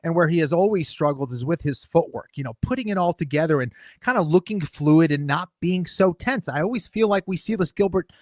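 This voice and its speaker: A man giving measured fight picks as a podcast co-host, with "you know" and "um" fillers. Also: a little high, expressive, dry recording, studio quality. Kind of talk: casual podcast analysis.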